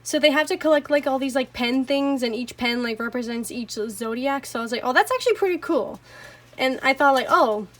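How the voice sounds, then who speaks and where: Woman, high voice, casual rambling reviewer; swears freely, apologetic, giggly. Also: fairly even intonation, a little fast, few pauses. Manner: swears a lot, rambling, apologetic, laughs often. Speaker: anime reviewer. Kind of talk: casual rant. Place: home.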